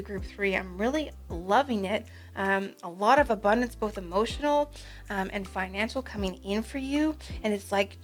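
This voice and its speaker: A woman giving a gentle, reflective pick-a-card tarot reading, with frequent fillers as she goes. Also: mid-range voice. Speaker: tarot reader.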